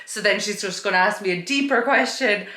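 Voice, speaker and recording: A woman's voice: medium pitch, fairly quick, pushed and bright. A young woman co-hosting a podcast, open and talkative in casual chat, swearing casually. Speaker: podcast co-host. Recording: echoey room.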